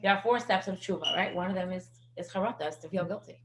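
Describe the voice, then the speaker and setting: A middle-aged woman teaching a parenting class, telling lively stories. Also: on the low side, fast, background noise. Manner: lively anecdotal storytelling. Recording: echoey room.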